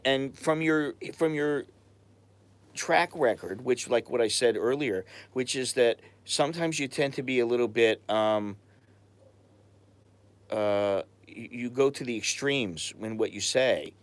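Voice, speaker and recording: A man's voice: mid-range voice, a little slow. American man, casual live-stream chat, rambling, blunt, stops to hunt for words. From United States. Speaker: expat vlogger answering live chat.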